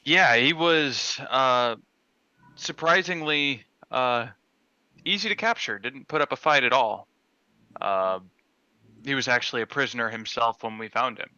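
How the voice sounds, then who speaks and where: A man role-playing his character in a tabletop game, halting and hesitant. His voice is very bright and smooth, and he speaks slowly. The recording is dry and a bit dull. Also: medium pitch. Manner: halting, hesitant, with many fillers. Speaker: player.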